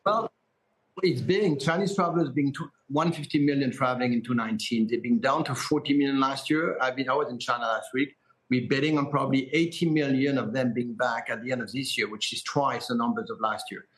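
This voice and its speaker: A middle-aged man with a French accent, speaking in a live TV business interview. He is a company chief executive, sure of himself and upbeat, answering quickly with frequent "uh" fillers. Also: medium pitch, poor audio. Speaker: hotel group chief executive.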